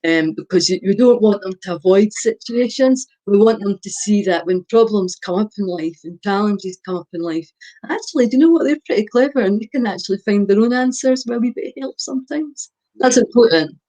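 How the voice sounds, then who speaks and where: A woman's voice: mid-range voice, fairly quick, warm tone. An older woman, a guest expert, giving parenting advice in a podcast chat, stressing her points and checking in with "right?". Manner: emphatic, repeats points with a tag question.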